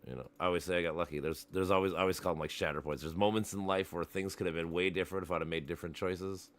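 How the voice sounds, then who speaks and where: A man's voice: low voice, steady tone, very fast. A man chatting casually on a podcast, blunt and swearing freely. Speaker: podcast co-host. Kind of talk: casual chat.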